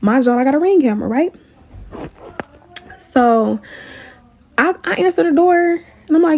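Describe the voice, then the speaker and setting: Woman doing a casual storytime, high voice, lots of cussing, talks to y'all. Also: fairly quick. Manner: animated, profane, talks to viewers as y'all.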